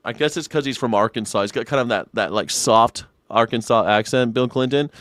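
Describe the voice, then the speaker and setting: A man's voice: medium pitch, brisk, hardly any pauses, fairly bright tone, dry recording, clean studio sound. A man hosting a reaction show, joking and cursing through casual commentary. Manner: joking, riffs into mock old-man voices. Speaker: news reaction show host.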